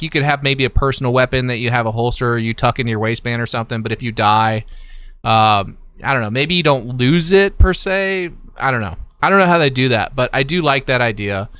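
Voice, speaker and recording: A man's voice: mid-range voice, fairly bright tone, smooth, no echo. A man hosting a livestream, chatting casually with callers in an easygoing way full of fillers. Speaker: livestream host.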